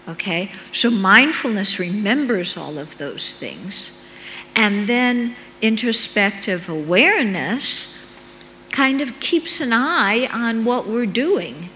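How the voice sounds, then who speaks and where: A woman leads a conversational dharma talk, speaking slowly and pausing to check in with her listeners. Her voice carries a long reverb, as if recorded in a hall. A faint hum sits underneath. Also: medium pitch, animated, bright, forceful tone. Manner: unhurried, checks in with listeners with "okay?". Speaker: meditation teacher.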